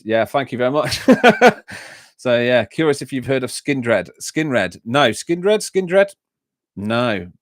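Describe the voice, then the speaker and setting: A man's voice: fairly low pitch, dry recording, clean studio sound. An Englishman hosting a music reaction livestream, rambling casually and answering viewers' comments with many fillers and restarts. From England. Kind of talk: casual chat, reading and answering live comments.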